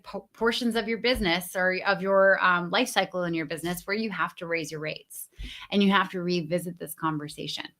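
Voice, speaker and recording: A woman's voice: mid-range voice, a bit bright. A woman business coach talking casually on a livestream from home, chatty and full of fillers and restarts, stopping to greet viewers in the chat.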